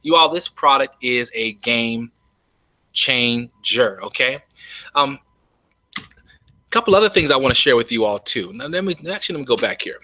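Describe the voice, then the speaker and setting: A man giving an enthusiastic, folksy webinar sales pitch from home, often saying "you all". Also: animated, moderate pace, pauses often, bright, forceful tone, no echo. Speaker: network marketing presenter. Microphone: webcam.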